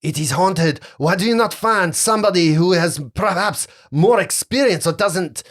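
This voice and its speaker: Man doing a spooked half-elf captain with a hammy French accent, pitched up. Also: moderate pace, natural voice. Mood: wary. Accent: put-on French. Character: pallid fearful male half-elf adventurer captain.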